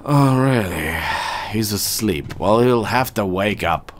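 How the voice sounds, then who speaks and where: Slow-talking man with a deep, swinging voice. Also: animated. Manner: wry, sarcastic asides. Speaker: gaming commentator. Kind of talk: casual gameplay commentary.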